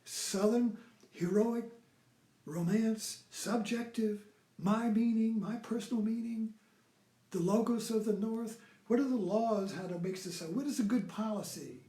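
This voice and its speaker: A man's voice: high voice, unhurried, dark tone. Rambling man lecturing in an echoey room. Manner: rambling, repeats "you see" often. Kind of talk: informal lecture.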